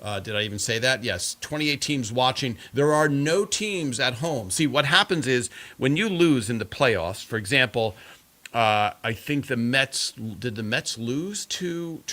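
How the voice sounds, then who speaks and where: A man's voice: medium pitch, lively intonation, a little slow, pushed and bright. A man hosting a live stream, chatting casually and reading viewer comments in a rambling way full of fillers.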